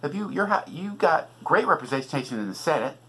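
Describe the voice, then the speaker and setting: Brief: middle-aged podcast host, husky voice, lively swings in pitch, angry and sarcastic political rant. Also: male voice, brisk, low-quality recording. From California. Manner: agitated, profane, sarcastic. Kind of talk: ranting political monologue.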